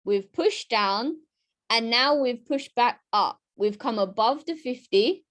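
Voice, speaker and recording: A woman's voice: fairly high pitch, slow pace. Chatty woman teaching trading. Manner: lively, chatty, keeps asking "right?"; talks straight to her chat audience. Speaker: trading educator. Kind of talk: live-streamed chart lesson.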